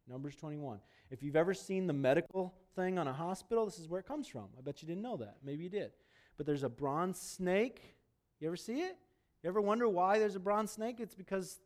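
A man preaching a sermon, talking to the congregation in a conversational way and swinging between emphatic loud peaks and hushed low asides. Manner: conversational, asks the congregation questions. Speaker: pastor.

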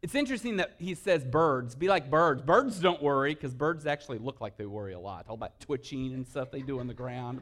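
A man preaching a sermon as pastor, telling humorous stories and swinging from hushed, earnest moments to loud, lively bursts. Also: mid-range voice, brisk, hardly any pauses.

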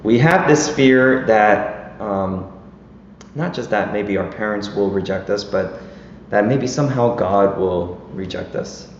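A man's voice: on the low side, slow pace. A man in his thirties or forties preaching a casual, conversational sermon, often checking in with "right?". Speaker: pastor. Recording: echoey hall, dull, faint noise.

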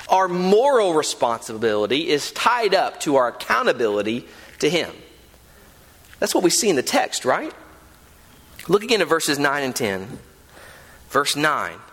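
Lively bright-voiced male preacher. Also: mid-range voice, moderate pace. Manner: earnest, emphatic, with frequent rhetorical "right?". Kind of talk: sermon. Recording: long hall reverb.

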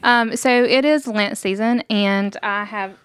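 A woman's voice: medium pitch, fairly even intonation, measured pace, clear, resonant tone. A woman co-hosting a podcast in casual chat, talking in a chatty, teasing way with frequent ums. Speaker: podcast co-host.

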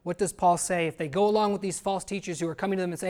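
A man's voice: sits high, steady tone, racing, a little mellow. A male pastor preaching earnestly to his congregation. He drives each point home with emphasis and regularly calls out questions to the listeners. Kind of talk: sermon.

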